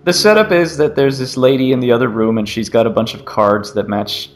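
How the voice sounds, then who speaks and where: A man co-hosting a casual gaming podcast, rambling through an animated retelling of a game demo. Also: mid-range voice, a little fast. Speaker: podcast co-host.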